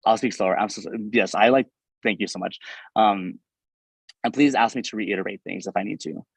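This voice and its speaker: A young man giving a fast, energetic, informal webinar talk on medical school applications, with many fillers and restarts. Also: on the low side, vocal fry, breathy edge, no echo, low-quality recording. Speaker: medical school admissions advisor and presenter.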